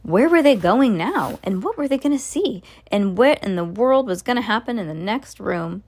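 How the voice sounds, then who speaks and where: Brief: woman reading aloud to kids, relaxed, tripping and correcting herself. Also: medium pitch, normal speed. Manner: casual, with slips and asides. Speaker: reader. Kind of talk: reading a children's book aloud.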